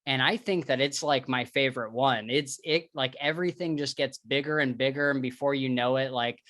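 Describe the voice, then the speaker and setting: A man's voice: mid-range voice, brisk, a bit bright, no room sound. Chatty man on a dry mic. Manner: chatty, enthusiastic, many fillers. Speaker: podcast co-host. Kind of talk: casual book chat.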